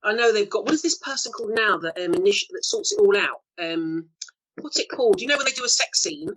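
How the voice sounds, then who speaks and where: A woman's voice: on the high side, big pitch swings, fast talker, a bit bright, husky, rough recording. A woman in her fifties, an actress guest, telling bawdy anecdotes in a chatty, laughing way during a casual interview.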